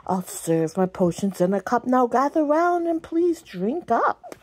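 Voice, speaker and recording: A woman's voice: on the high side, sing-song, unhurried, a little mellow, breathy edge, pitched above the performer's own voice, exaggerated voice. A woman reading a storybook and voicing a little girl pretending to be a wicked old witch, gleeful and theatrical.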